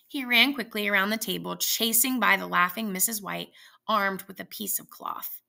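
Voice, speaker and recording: A woman narrates a story aloud at a steady, plain pace. Her voice is strongly gravelly with a bright, forceful edge. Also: mid-range voice, normal speed. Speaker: reader.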